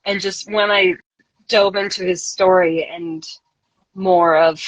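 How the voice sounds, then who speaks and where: A woman's voice: lowish voice, steady tone, takes it slowly, dry recording, lo-fi sound. A woman author chatting casually as an interview guest, filling her talk with "like.". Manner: chatty, with lots of "like" fillers.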